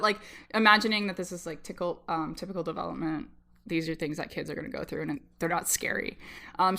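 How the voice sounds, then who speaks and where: A woman's voice: fairly low pitch, pushed and bright. A woman interviewed on a podcast, explaining child language in a chatty way with lots of ums and likes and laughs between points. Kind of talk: casual explanatory chat.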